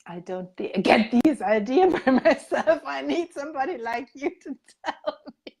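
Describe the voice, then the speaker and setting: A woman with a German accent hosting an interview, speaking softly and a little hesitantly. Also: high voice, animated, unhurried, gravelly. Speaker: host. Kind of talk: interview chat.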